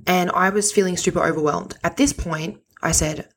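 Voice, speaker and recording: A woman, hosting a podcast and telling a story in a chatty, expressive, slangy way. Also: on the low side, moderate pace, hardly any pauses. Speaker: podcast host. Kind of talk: casual storytelling monologue.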